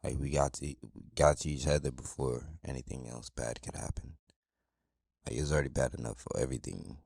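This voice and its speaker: A man chatting as a podcast guest in a relaxed, playful, slangy way. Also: rumbling low, brisk, gravelly, breathy edge, no echo, clean studio sound. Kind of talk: casual podcast chat.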